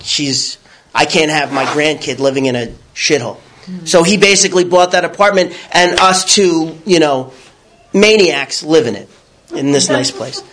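High-voiced man telling recovery story. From New York. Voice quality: raw, blunt storytelling with crude words. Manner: animated, acts out his own past thoughts. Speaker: recovery speaker. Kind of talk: candid personal testimony.

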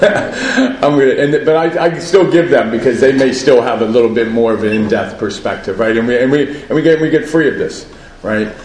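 A man's voice: medium pitch, brisk, darkish tone. Man, recovery meeting share, conversational, keeps saying "right?", self-mocking, echoey room, faint background hum. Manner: conversational, keeps asking "right?", laughs at himself.

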